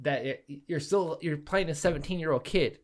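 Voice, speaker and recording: A young man co-hosting a podcast in casual, animated banter, mocking and swearing freely. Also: fairly high pitch, normal speed. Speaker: podcast co-host.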